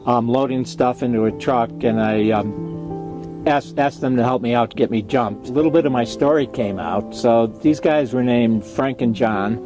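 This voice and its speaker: A man telling a personal story in a halting way, with many pauses and fillers. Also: mid-range voice. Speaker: interviewee, nomad. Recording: guitar music playing underneath. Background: guitar music.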